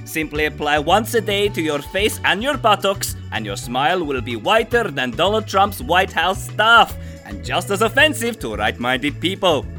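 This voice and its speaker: A man's voice: very animated, moderate pace, hardly any pauses, bright, forceful tone, soft background music, heavily acted. A man doing a vain, boastful footballer. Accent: vague mock foreign accent. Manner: over-the-top ad pitch, boastful. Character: vain, boastful male footballer selling tooth whitener. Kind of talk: comedy sketch parody ad.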